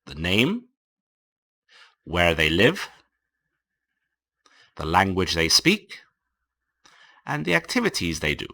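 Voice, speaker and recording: Male English teacher for an online lesson, unhurried and clearly enunciated, with a bright, lively lower voice. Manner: slow, carefully enunciated classroom reading. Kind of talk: online lecture for language learners.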